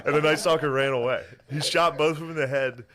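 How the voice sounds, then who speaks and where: A man co-hosting a comedy podcast, telling a story in casual profane chat, laughing through it and shouting out the lines he acts. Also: on the high side, steady tone, fast talker, crowd noise. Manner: profane, drops to a mumble for grim details. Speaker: podcast co-host.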